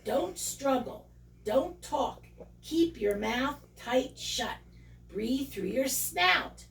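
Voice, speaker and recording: A calm, self-assured duck who speaks quietly and evenly, as a woman puts her on. Her storybook voice has a gravelly texture and echoes from away from the mic. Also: high voice, drawn-out words, recorded from a distance, slight background noise, full character voice. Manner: quiet and steady. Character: calm, confident female duck.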